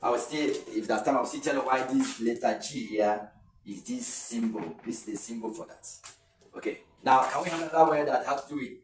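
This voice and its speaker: A man with a Nigerian English accent teaching pronunciation in an online lesson. He explains slowly and repeats words, drawing them out. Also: medium pitch, soft background music. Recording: echoey room, voice a bit far from the mic.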